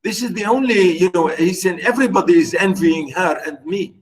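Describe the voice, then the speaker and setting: A man's voice: sits high, fairly quick, rough recording. A man teaching a poetry lesson, reciting verses dramatically with repeated phrases, then explaining them with many fillers and repetitions. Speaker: literature teacher.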